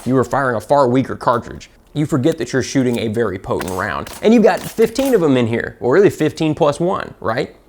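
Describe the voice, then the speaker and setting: A man's voice: medium pitch, big pitch swings, fairly quick, few pauses, darkish tone, slight background noise. A man with a Southern American accent giving a comedic, profane, self-mocking gun review.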